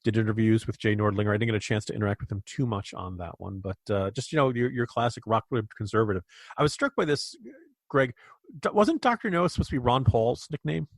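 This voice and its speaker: American man, podcast co-host, emphatic, indignant, fairly low pitch, dry close mic. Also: fast, no room sound. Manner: emphatic, indignant, with filler restarts. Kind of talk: political commentary.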